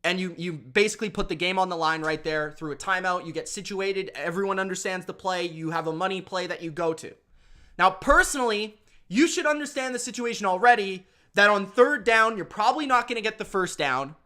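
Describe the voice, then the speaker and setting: A young man ranting in an animated, exasperated way while recapping football games. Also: sits high, a little fast. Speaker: sports commentator.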